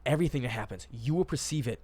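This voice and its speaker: Young man, podcast host, casual chat, quick pace, emphatic, dude-and-bro talk. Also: medium pitch, animated, darkish tone. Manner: fast, emphatic, calls listeners dude and bro.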